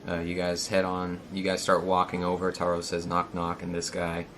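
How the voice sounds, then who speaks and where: A man with a raspy voice narrating a tabletop game as game master, meandering and restarting as he goes. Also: deep voice, monotone, brisk, noisy background. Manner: meandering, with many fillers and restarts.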